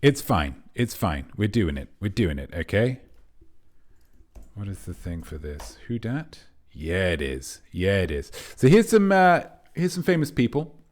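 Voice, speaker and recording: A man with a lowish voice hosts a comedy quiz stream as a pompous artiste. He rambles and meanders, with sudden theatrical leaps in pitch, and talks straight to the chat. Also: sing-song, unhurried. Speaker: quiz host. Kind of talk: character comedy livestream quiz.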